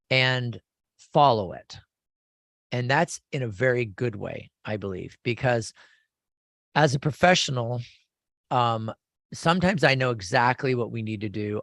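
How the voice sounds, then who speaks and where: Man, 50s, radio host, gravelly voice, enthusiastic, rambling, restarts often. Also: medium pitch, a bit bright, no room sound, clean studio sound. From California. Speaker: radio show host and lawyer. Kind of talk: casual radio talk.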